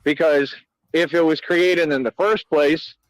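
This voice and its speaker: A man talks at a slow, dragging pace, boasting and repeating himself in loose slang. His voice sits a little high, and the sound is dry and close with no room in it. He comes across cocky and rambling. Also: steady tone, no room sound, rough recording. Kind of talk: boastful rant.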